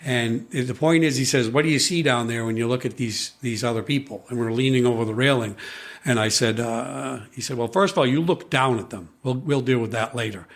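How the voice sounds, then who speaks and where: A man recounting his past as a podcast guest, in an animated storytelling manner. He slips into the voices of people he quotes and often restarts his sentences. His voice sits at a middling pitch. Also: fairly quick. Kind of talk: storytelling in conversation.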